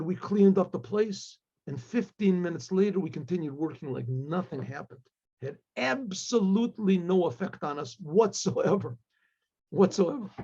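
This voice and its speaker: A male rabbi telling a story in a halting way, with many restarts and asides to explain things. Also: high voice, mellow, breathy edge. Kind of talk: storytelling talk. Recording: dull lo-fi recording.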